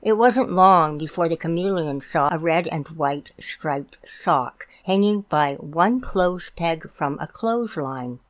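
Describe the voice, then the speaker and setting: A woman reading a children's picture book aloud, gently explaining things for young listeners. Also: sits low, animated, slow pace, hardly any pauses. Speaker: storytime reader.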